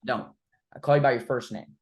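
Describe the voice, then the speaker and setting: A man's voice: medium pitch, steady tone, a little fast. A man coaching a trainee through cold-call role-play, blunt and informal, with the odd swear word. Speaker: recruiting coach.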